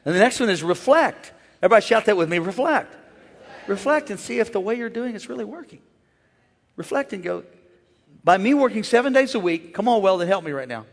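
High-voiced man preaching in a reverberant hall. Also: fast talker, gravelly. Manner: energetic, playful call-and-response with the crowd. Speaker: pastor. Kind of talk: sermon. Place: large church. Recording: long church hall reverb.

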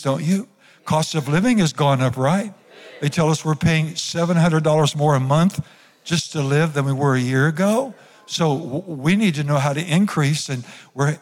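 A man's voice: a little high, long reverb tail. A man preaching a sermon as pastor to his congregation in church, calling on them to repeat lines after him. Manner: preaching with call-and-response to the congregation. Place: church sanctuary.

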